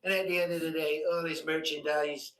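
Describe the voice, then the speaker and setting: A man's voice: a little high, level tone, a little fast, fairly bright tone, lightly acted. A man doing an impression of a blustering, boastful US president who keeps saying "believe me.". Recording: roomy echoey recording.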